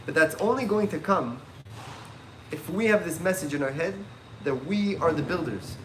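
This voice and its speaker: A man teaching a religious class as a rabbi, telling stories in an animated way and mixing in Hebrew terms. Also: fairly high pitch, moderate pace, background noise. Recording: echoey room.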